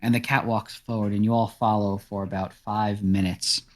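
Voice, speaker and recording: A man narrating as game master in a tabletop game, describing scenes with a relaxed, steady delivery. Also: on the low side, moderate pace.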